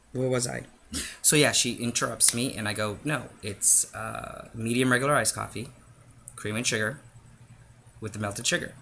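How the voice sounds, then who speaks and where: A man's voice: medium pitch, bright, forceful tone, slight background noise. A man telling a casual story-time vlog, rambling and interrupting himself as he goes. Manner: rambling, self-interrupting, chatty.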